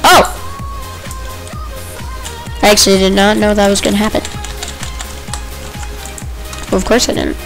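A woman giving chatty, excitable commentary while playing a video game, with quick outbursts. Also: mid-range voice, faint music behind, poor audio. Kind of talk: casual gameplay commentary.

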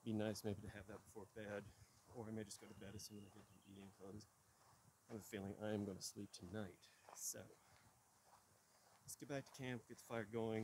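A middle-aged man chatting through a casual camping vlog outdoors on a farm, rambling and relaxed. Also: fairly low pitch. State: out of breath. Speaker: camping vlogger. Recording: outdoor noise, birds and animals.

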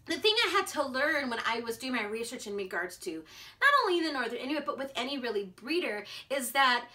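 Bubbly bright-voiced American woman. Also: high voice, animated, a little fast. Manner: bubbly, chatty, frequent filler words. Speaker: vlogger. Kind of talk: casual chat to camera.

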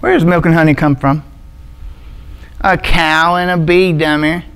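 A man's voice: a little high, steady tone, unhurried, fairly bright tone, clean tone, poor audio. A man with an Alabama accent preaching a casual, joking sermon full of slang. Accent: Southern US, Alabama. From Montgomery, Alabama. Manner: joking, loose and conversational, with slang. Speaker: pastor. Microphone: microphone with adjustable sound.

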